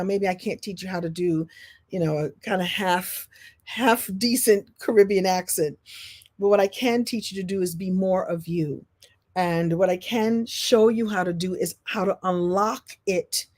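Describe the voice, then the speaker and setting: Playful, laughing woman in her sixties. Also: medium pitch. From Brooklyn, New York. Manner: playful, animated, laughs often, slips into impressions. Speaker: storytelling coach. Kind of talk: motivational talk.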